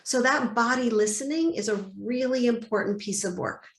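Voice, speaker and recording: Animated woman coach in an echoey room. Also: on the high side, moderate pace. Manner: animated, acts out inner dialogues. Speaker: guest, body-peace coach. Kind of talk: interview conversation.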